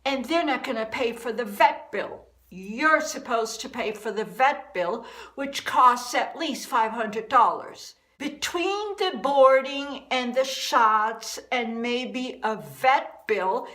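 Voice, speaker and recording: A woman's voice: a little high, lively intonation, takes it slowly, fairly bright tone, poor audio. A woman vlogger delivering a furious, repetitive rant to the camera. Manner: furious, repeating herself, emphatic.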